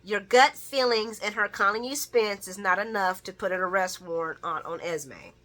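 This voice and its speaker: Bright-voiced, sassy woman recapping a soap. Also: mid-range voice, moderate pace. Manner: chatty and sassy, breaks into laughter; talks back to the characters with slangy asides. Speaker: soap opera recap vlogger. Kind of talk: casual spoken recap.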